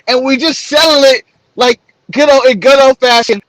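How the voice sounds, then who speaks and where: A man's voice: very high-pitched, fairly even intonation, moderate pace, fairly bright tone, dry recording, poor audio. A man co-hosting a casual wrestling recap show, joking and laughing often and trailing off mid-sentence. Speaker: co-host. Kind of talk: casual podcast chat.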